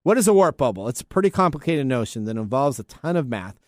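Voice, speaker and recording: Lively rambling podcast host man. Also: medium pitch, quick pace, no room sound, clean studio sound. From US Pacific Northwest. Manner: rambling, stumbles over names. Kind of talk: casual tech podcast chat.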